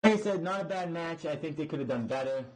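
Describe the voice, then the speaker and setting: A man's voice: a little high, fast, low-quality recording. A man hosting a wrestling review, ranting in an exasperated, profane way with lots of restarts and fillers. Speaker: podcast host reviewing wrestling.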